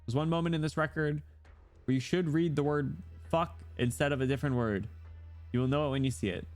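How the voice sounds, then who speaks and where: A man's voice: fairly high pitch, a little fast, darkish tone, soft background music. A man streaming, reading a game story aloud and making amused, offhand asides. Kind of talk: casual commentary while reading a game.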